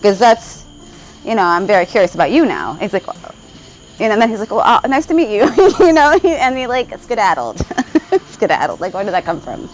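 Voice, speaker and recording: A woman vlogger with a mid-range voice tells a spiritual story in casual, rambling talk, often checking in with "right?" and laughing along the way. The audio is poor, with slight background noise and faint crickets.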